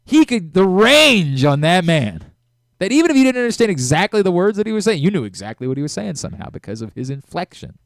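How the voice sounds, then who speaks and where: A middle-aged man hosting a sports radio talk show, talking in an animated way with frequent restarts and self-corrections. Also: high voice, fast talker, dry recording, clean studio sound.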